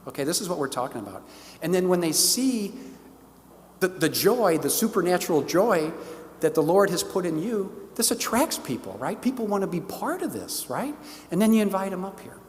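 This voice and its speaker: A middle-aged man from St. tells stories to a parish audience with animated enthusiasm, and his voice sits a little high for a man. His St. The sound has the long ringing reverb of a church hall. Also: moderate pace. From St. Louis, Missouri. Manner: animated, enthusiastic storyteller who acts out the dialogue. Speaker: diocesan stewardship director giving a parish talk. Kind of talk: storytelling church talk.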